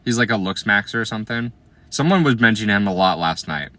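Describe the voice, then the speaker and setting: A man in his late twenties from Iowa, hosting a casual livestream and riffing on viewer comments. His voice sits a little low but sounds bright and forward, and his talk is playful and slangy, often dropping to quiet asides. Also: lively intonation, fast, no room sound. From Iowa, USA. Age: 20s.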